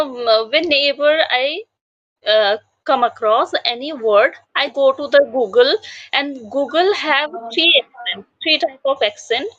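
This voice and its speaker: A woman's voice: sits high, fairly bright tone, dry recording, dull audio. A woman hosting a learning chat, speaking hesitantly with frequent hums and fillers. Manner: hesitant, hums and fillers while searching for words. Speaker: host of an English-learning channel. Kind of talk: casual conversation about learning English.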